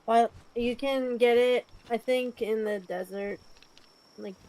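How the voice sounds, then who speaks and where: A woman's voice: on the high side, steady tone, slow pace, darkish tone. A woman chatting casually on a game stream, answering questions in a hesitant way with fillers. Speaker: co-streamer helper. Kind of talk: casual chat.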